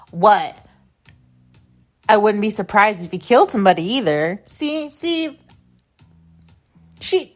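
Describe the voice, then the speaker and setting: A young adult woman hosting a podcast, telling a personal story in a rambling, blunt, profane way, often repeating herself. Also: lowish voice. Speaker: podcast host. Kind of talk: casual storytelling monologue.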